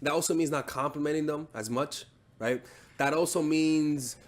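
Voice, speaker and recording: A man's voice: on the high side, normal speed. A man giving dating advice as a coach in a casual monologue, blunt and profane, with frequent restarts and "right?" tags.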